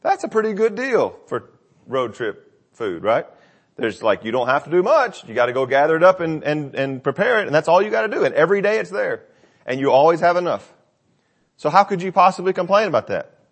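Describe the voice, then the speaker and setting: A man's voice: a little high, fairly quick. A man preaching a conversational sermon, telling a scripture story with personal anecdotes and acting out the quotes. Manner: conversational, animated when quoting.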